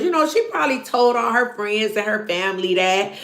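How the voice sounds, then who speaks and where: A woman's voice: mid-range voice, fairly quick, vocal fry, few pauses, roomy sound. A woman hosting a casual recap show, talking animatedly to her viewers and acting out what people said. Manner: animated, acts out quotes, talks to viewers. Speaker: show reviewer host.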